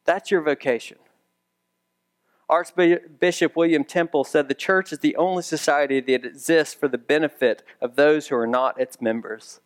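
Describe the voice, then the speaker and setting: A man's voice: a little high, fairly even intonation, normal speed. A man preaching a sermon as pastor, conversational with dry humorous asides, building to emphatic raised repetitions.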